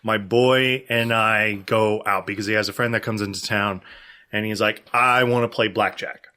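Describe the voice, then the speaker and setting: A man in his thirties telling a story on a casual podcast, acting out the people in it with lively voice changes. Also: normal speed, clean tone. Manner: animated, jumps to high-pitched exclamations and voices for people in his stories.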